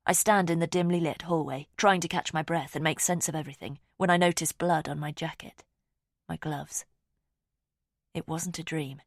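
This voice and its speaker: Woman audiobook narrator, lower pitch, hushed and tense, dry close-mic read. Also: fairly even intonation, normal speed, no echo. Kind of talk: first-person thriller narration.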